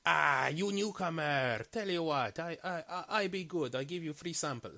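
A man's voice: mid-range voice, expressive, moderate pace, natural voice. A man voicing a shifty male trader who talks in broken English, haggling and repeating his words. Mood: eager.

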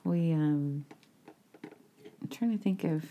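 A middle-aged woman co-hosting a podcast, chatting casually in a relaxed, teasing way. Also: deep voice, slow pace, phone-quality sound, a little hiss or hum. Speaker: podcast co-host. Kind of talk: casual chat.

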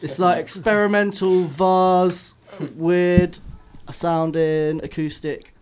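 A man's voice: high-pitched, steady tone, slow pace, a crowd in the background. A man who sings in a band, bantering in a jokey, laid-back way as a guest on a radio show. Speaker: band singer. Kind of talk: casual radio chat.

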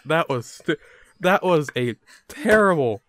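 A man's voice: fairly high pitch, animated, measured pace, heavy background noise. A young man hosting a casual gaming podcast, laughing often and swearing in loose banter with friends. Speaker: podcast host.

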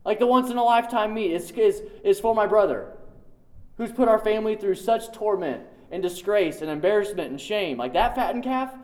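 A resentful young man, the older brother in a retold story, bursting with incredulous outrage, his voice climbing high with exasperation, as a preacher acts him out. He sputters and repeats himself in disbelief. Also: animated, brisk, a little mellow. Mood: indignant.

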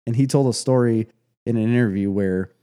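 A man chatting casually about a movie, retelling stories with animated laughs. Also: medium pitch, fairly quick, clear, resonant tone. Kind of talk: casual movie review chat.

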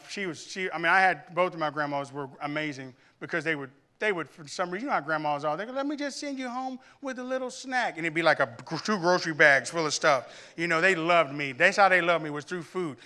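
A man from Arkansas preaching a sermon in church, telling a personal story and building to loud, emphatic preaching. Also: on the high side, fairly quick, clean tone. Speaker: pastor.

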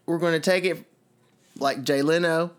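A man's voice: fairly high pitch, fairly even intonation, moderate pace, smooth. A man co-hosting a comedy podcast, riffing playfully with mock-dramatic asides. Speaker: podcast co-host. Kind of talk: casual comedic chat.

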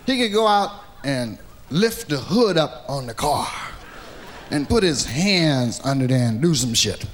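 A male stand-up comedian telling a profane story with animated delivery, acting out the characters. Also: mid-range voice, measured pace, noisy background. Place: comedy stage, archive recording.

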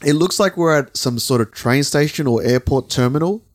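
A man's voice: a little high, moderate pace. Man, podcast co-host, casual rambling chat, swears. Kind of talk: casual chat describing videos.

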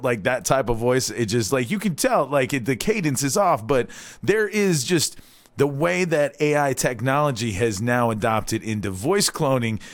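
A man in his forties from Hawaii hosts a live community radio show. He talks in a loose, rambling way, full of "all right?" asides and restarts, at an everyday pitch. His voice is close and dry, as if from a studio mic. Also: no echo.

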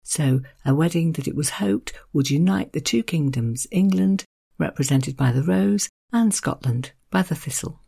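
This podcast host has a gravelly, husky voice with a mellow, warm tone. They deliver a scripted literary narration at an even reading pace, slipping in wry, self-deprecating asides. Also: medium pitch, moderate pace.

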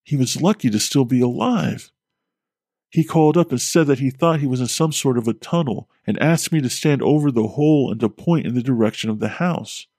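A man's voice: mid-range voice, no room sound. Man narrating a horror story, dry. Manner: steady, measured storytelling. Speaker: podcast host and narrator.

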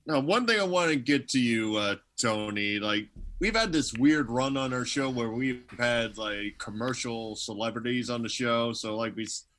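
A man's voice: medium pitch, moderate pace, a bit bright. A man hosting a casual interview show, enthusiastic and easygoing as he steers the conversation. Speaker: podcast host.

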